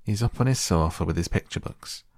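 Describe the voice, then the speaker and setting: A man's voice: sits low, a little fast, darkish tone, no echo, studio quality. A man voicing a nervous, humble young maidservant with an in a storybook reading. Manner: timid, deferential.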